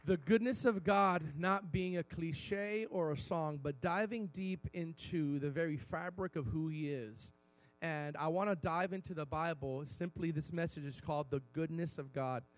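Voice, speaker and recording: A male pastor preaching a sermon, talking candidly and then building to loud, emphatic declarations. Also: fairly high pitch, normal speed, no echo.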